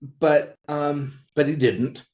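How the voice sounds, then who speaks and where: A man's voice: fairly high pitch, takes it slowly, low-quality recording. A man in his seventies, a guest on a comics interview show, telling stories and acting out what people said. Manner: animated storyteller who acts out dialogue in quotes. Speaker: guest, comics industry veteran. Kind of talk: anecdotal storytelling in conversation.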